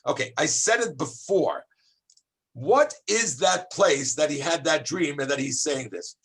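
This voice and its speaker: A man, a rabbi, teaching a high school class in an animated, exclamatory way, calling on students by name and shouting at times for emphasis. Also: a little slow, husky. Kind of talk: lively classroom lesson.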